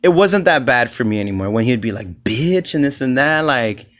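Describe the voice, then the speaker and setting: On his solo comedy podcast, a man rambles through casual stories with plenty of profanity, doing voices for the people he quotes. He speaks briskly with an animated, medium-pitched, fairly bright voice.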